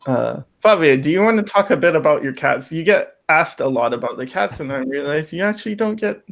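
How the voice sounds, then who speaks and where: A man's voice: on the high side, lively intonation, a little fast, gravelly, fairly bright tone. A man hosting a casual art critique chat, playful and joking. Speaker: host.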